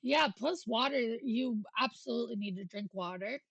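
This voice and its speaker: Casual sweary woman streamer, high and husky, dry close mic. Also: normal speed, no room sound, dull audio. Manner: animated, profane, joking. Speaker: livestreamer.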